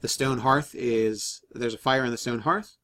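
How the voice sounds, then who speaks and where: A man with a medium-pitched, sharp-toned voice acts as game master for a tabletop game. His narration is halting, packed with fillers and restarts.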